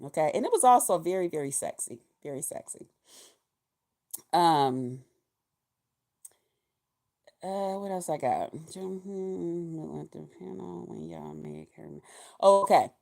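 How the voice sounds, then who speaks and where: A woman in her fifties talking casually in a vlog, animated and profane, laughing often. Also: on the low side, slow pace, vocal fry, pauses often. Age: 50s. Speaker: vlogger.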